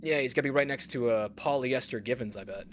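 A young man hosting a let's play, chatting excitably and swearing casually as he plays. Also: mid-range voice, fast talker, a little hiss or hum. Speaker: gaming video host.

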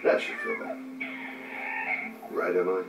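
An actor playing a middle-aged detective, speaking softly and coaxingly to a baby, in a video game. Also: male voice, low-pitched, wildly swooping pitch, normal speed. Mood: tender. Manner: soft, coaxing baby talk. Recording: roomy, distant game audio with music.

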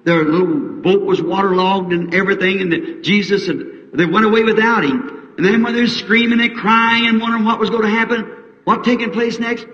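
A middle-aged American man preaching a revival sermon, folksy and fervent, rising to high emotional peaks. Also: fairly even intonation, brisk, a bit bright, highs cut off. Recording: 1960s archive tape in an echoey hall.

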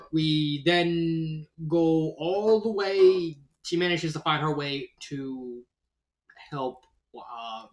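Male reviewer, slightly high-pitched, loose and rambling delivery, echoey room. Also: a bit bright. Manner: rambling, many fillers and restarts; laughs at his own retelling. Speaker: story reviewer. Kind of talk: casual spoken review. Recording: roomy echo.

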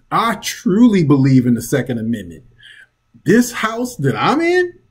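A man's voice: fairly high pitch, a little mellow, slightly rough. A man ranting bluntly and profanely from home in a casual opinion vlog, mocking and often laughing. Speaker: vlog commentator.

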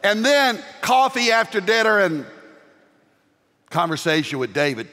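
An older man from the American South with a Southern accent, preaching a sermon as pastor with homespun humor and loud, emphatic rises. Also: high-pitched, big pitch swings, a little slow, long pauses. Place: large church sanctuary. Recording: long reverb of a large church.

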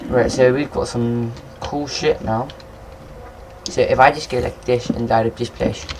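A young man giving casual, rambling let's-play commentary, excitable and swearing at monsters. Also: mid-range voice, noisy background. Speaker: gameplay commentator.

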